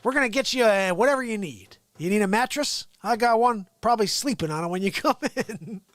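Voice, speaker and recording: A man voicing a sleepy old male politician who rambles slowly and mumbles while pitching discount sofas. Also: expressive, a bit bright, no echo. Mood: sleepy salesman. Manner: drowsy, slow, mumbling and rambling.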